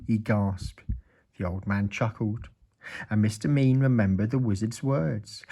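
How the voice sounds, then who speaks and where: A man reading a children's story aloud in an expressive, playful way. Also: lowish voice, unhurried, husky.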